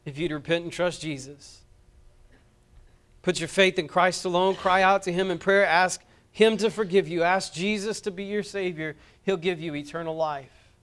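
A male pastor preaching with earnest, impassioned urgency. His voice sits high for a man and comes through smooth and resonant, pressing his listeners with direct appeals. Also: steady tone, moderate pace, a bit bright. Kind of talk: sermon.

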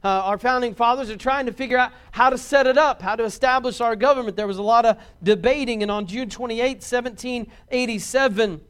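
A pastor preaching a sermon in an earnest, heartfelt manner with emphatic repeats. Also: male voice, extremely high pitch, brisk, hardly any pauses, fairly bright tone, smooth.

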